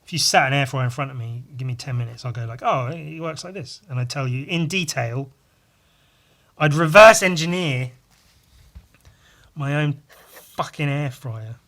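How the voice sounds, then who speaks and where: A man's voice: mid-range voice, normal speed, pauses often, fairly bright tone. A man hosting a casual solo podcast while drawing, rambling and swearing, poking fun at himself. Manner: rambling, profane, self-mocking. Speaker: podcast host.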